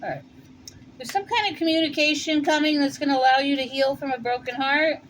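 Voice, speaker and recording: A woman with a New York accent reads tarot cards in a loose, chatty way, her voice sitting a little high. She thinks out loud and pauses with fillers. A faint hum of noise runs underneath. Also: fairly even intonation, low-quality recording. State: warm and winded after shoveling. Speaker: tarot reader. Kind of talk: casual tarot reading. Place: home in Colorado.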